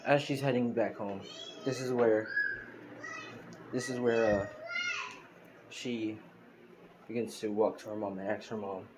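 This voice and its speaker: A man's voice: fairly low pitch, fairly even intonation, unhurried, long pauses, noisy background. A man casually retelling a fan story, rambling along with many restarts and fillers.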